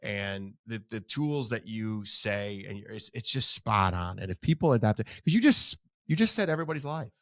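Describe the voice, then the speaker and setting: A man's voice: lowish voice, expressive, normal speed, few pauses, a bit bright, no echo, studio quality. A man hosting an interview podcast, effusive and emphatic, stumbling and restarting as he praises his guest and asks questions. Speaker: podcast host.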